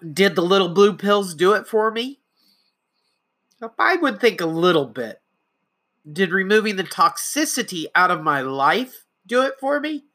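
A middle-aged trans woman talks through her solo podcast in a conversational, reflective way. Her voice has a bright, forward tone and sits at a middling pitch. She often acts out little quoted exchanges as she goes. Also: big pitch swings, measured pace. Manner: conversational, reflective, with frequent restarts and acted-out quotes. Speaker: podcast host.

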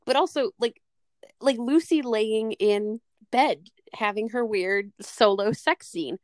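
A woman co-hosting a podcast in casual chat, animated and swearing freely, often acting out scenes. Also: on the high side, slow, dry recording, studio quality. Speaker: podcast co-host.

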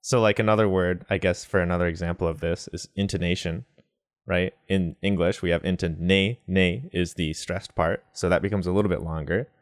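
A man with a very deep voice talks through a relaxed language lesson. He explains step by step with examples, mixing in Japanese words. The sound is dry and close. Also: a little fast, no room sound. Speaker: language teacher.

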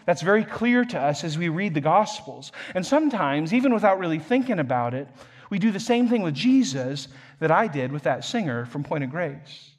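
A pastor preaching a sermon, telling a self-deprecating story with frequent chuckles and repeated words. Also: male voice, on the high side, big pitch swings, moderate pace.

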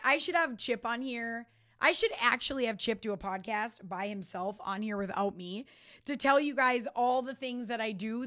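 A woman hosting a podcast, giving a motivational talk with energy and emphatic repetition. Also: a little high. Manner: energetic, emphatic, repeats key points. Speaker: podcast host.

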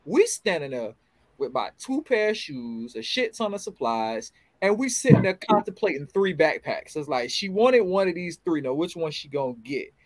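A man co-hosting a podcast, telling animated, profane stories in casual chat. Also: high-pitched, moderate pace, dry recording, rough recording. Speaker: podcast co-host.

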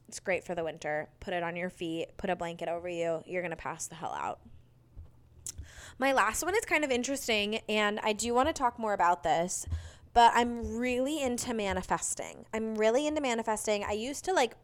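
A woman's voice: mid-range voice, clear, resonant tone. A young woman in her twenties hosting her own podcast, chatting casually and gushing, full of "like" and "um". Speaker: podcast host. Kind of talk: casual solo podcast chat.

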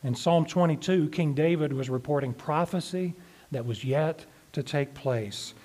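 A man preaching a sermon, reading scripture aloud and explaining it in a measured way, slowing down to stress the verses. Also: a little high, darkish tone. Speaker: pastor.

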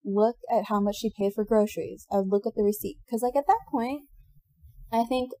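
A woman telling a personal story in casual chat, animated and laughing often, acting out what people said. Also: a little high, brisk.

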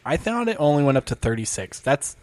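A man's voice: on the high side, sing-song, fast talker, a little mellow, no room sound. A man, a stand-up comedian, chatting casually and rambling with lots of fillers and restarts. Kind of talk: casual podcast chat.

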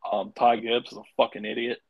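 A young adult man co-hosting a casual podcast about racing, blunt and quick to swear when worked up. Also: mid-range voice, gravelly, lo-fi sound, crowd noise. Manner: profane, blunt and excitable. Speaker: podcast co-host.

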